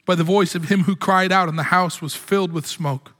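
Pastor guy preaching hard, bright high voice, big hall echo. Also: a little fast. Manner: impassioned preaching, rising to exclamations. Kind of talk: sermon. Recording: long hall reverb.

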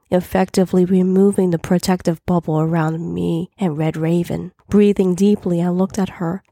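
A woman narrating a first-person story in a plain, even storytelling manner. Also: on the low side, normal speed, hardly any pauses, no echo, clean studio sound.

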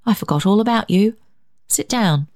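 A woman's voice: medium pitch, lively intonation, normal speed, a little mellow, pitched above the performer's own voice, natural voice. A woman voicing an irritable elderly man, curt and testy. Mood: flustered. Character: irritable elderly man, wealthy property owner.

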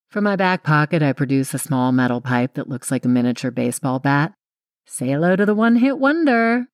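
A woman's voice: a bass voice, a little mellow, no echo. Woman narrating an audiobook in a dry, close voice. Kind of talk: first-person audiobook narration.

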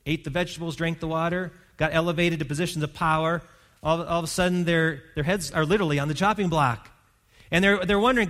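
A man preaching a sermon as pastor, telling a Bible story and voicing its characters, rising to loud emphasis. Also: a little high, fast.

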